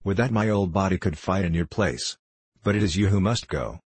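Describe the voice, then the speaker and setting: A man voicing a kind old male peasant in a storybook reading, speaking slowly and gently in a fatherly way. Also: low-pitched, husky, no echo. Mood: gentle.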